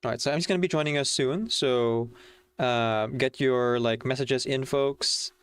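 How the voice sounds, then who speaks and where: A man with a smooth, resonant voice chatting loosely on a game stream. He rambles along easily, sprinkling his talk with fillers as he talks to his viewers. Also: mid-range voice, normal speed, no echo. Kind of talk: casual livestream chat.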